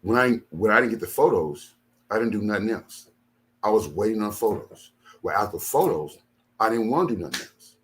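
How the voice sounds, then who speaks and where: Deep-ish voiced guy preaching at his people, keeps repeating lines, goes quiet then loud. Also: expressive, normal speed. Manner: emphatic, repeats phrases, swings from low and quiet to loud bursts. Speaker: minister. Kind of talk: impassioned talk to followers.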